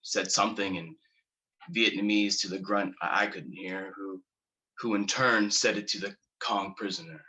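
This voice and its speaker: A man's voice: low voice, steady tone, pushed and bright, low-quality recording. A man playing a haunted war veteran. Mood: grim. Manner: halting, repeating words, slow telling. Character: haunted male war veteran recounting horror. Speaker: actor performing a monologue. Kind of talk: dramatic monologue.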